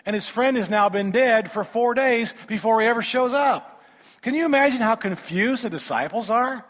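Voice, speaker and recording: A man preaching a sermon, reading scripture aloud and breaking in with animated rhetorical questions and humorous asides to the congregation. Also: extremely high pitch, moderate pace. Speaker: pastor. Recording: long reverb of a large hall.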